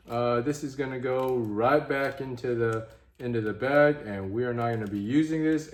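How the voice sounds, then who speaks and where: In a casual gear review vlog, a man with a lowish, slightly mellow voice speaks in an echoey room. Frustrated, he swears heavily and addresses his viewers directly as "guys" and "gents."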